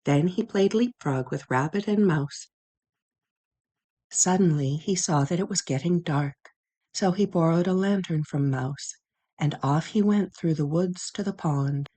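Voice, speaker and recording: A woman narrating a children's storybook in a gentle, measured way. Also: deep voice. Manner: gentle, measured, with sound effects.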